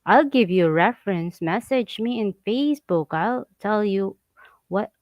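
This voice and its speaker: A woman chatting casually as a vlog co-host, animated and laughing as she reads viewer comments and acts out quoted voices. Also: mid-range voice, a little slow, no echo, low-quality recording.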